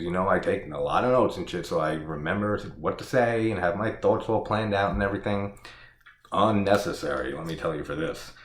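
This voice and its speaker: A man's voice: deep voice, a bit bright. Exasperated man ranting in an echoey room. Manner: exasperated, laughing, profane, filler-heavy. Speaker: horror movie reviewer. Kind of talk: casual spoken review.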